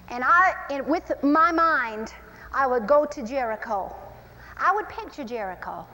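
A woman preaching and teaching from the Bible, animated and acting out the scenes as she tells them. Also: high voice, in a large hall, rough recording. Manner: animated, acts out scenes with shifting pace. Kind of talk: sermon-style Bible teaching.

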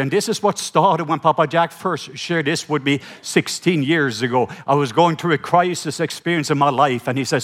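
A man from Norway preaching a sermon in his second language, animated and acting out the voices in his retelling, with stammers. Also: on the high side, moderate pace, hardly any pauses. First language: Norwegian.

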